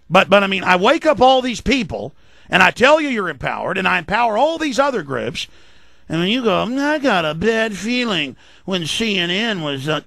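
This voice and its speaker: Gravelly, emphatic man ranting on talk radio. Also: high-pitched, pushed and bright, dry recording, clean studio sound. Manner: emphatic, defensive, rapid-fire. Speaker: radio talk show host. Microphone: studio mic.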